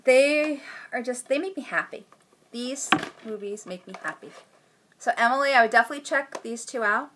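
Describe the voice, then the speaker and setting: A woman in her thirties hosting a knitting podcast, chatting casually and gushing with enthusiasm, sometimes dropping into hushed asides. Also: a little high, normal speed, noisy background. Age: 30s. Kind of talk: casual chat.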